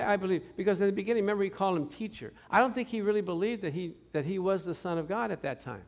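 A man with a high voice preaches in a loose, conversational way. He keeps lifting into little acted voices for the people in his stories, and his tone stays lively and friendly. It sounds like an informal Bible study in a church room. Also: racing, few pauses. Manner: animated, acts out quotes with shifting voices. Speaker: pastor.

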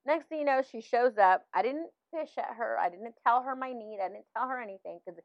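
A middle-aged woman, a minister's wife, telling a personal faith testimony in casual talk, animated, with many fillers and restarts. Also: fairly high pitch, fairly quick, dry recording. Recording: dull, slightly lo-fi, dry sound.

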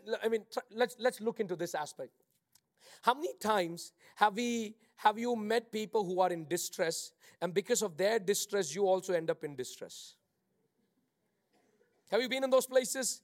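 A male pastor delivering a sermon, moving between quiet reflective passages and loud, fervent preaching, with halting restarts when he speaks off the cuff. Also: sits high.

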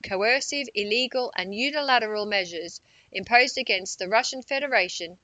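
Woman, news narration, measured delivery, bright tone, dry recording. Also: on the high side, no echo, low-quality recording. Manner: measured, reads quotes aloud with restarts. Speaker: narrator of a political report.

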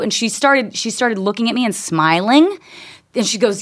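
A woman's voice: mid-range voice, animated, a little fast, a bit bright. A woman in casual chat, telling a story with lots of restarts and swearing.

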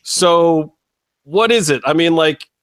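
Higher-voiced blunt host, dry sound. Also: male voice, takes it slowly, fairly bright tone, no echo. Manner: blunt, profane, rambling questions. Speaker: podcast host. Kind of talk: casual interview.

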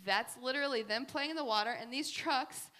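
Woman speaker, faith talk, bright forceful tone, pitched a bit high, lively chatty storytelling. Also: a little fast. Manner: animated, chatty storytelling with many fillers. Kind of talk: faith talk with personal stories and slides.

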